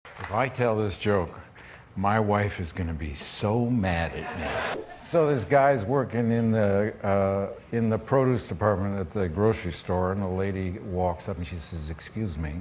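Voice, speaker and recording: A man's voice: lowish voice, measured pace, darkish tone, a little hiss or hum. A man casually telling a joke, with small restarts along the way.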